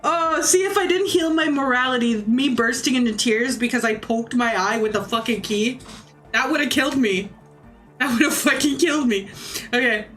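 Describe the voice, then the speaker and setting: A woman in her fifties playing a game on stream, animated and self-mocking, swearing freely as she reacts. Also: on the high side, normal speed, faint music behind. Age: 50s. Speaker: gaming streamer. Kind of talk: let's-play commentary.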